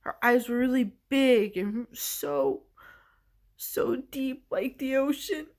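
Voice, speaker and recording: A woman vlogger recounting a personal experience in a halting, searching way, earnest and emotional, leaning heavily on "like". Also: high voice, big pitch swings, darkish tone. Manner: halting and searching, heavy use of "like". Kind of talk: personal storytelling.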